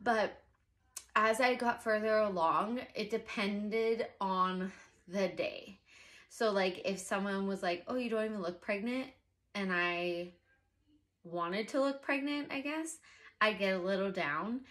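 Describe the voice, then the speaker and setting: This young pregnant vlogger talks to the camera slowly, her voice in the mid range. She chats casually, growing animated and exasperated whenever she goes off on an aside.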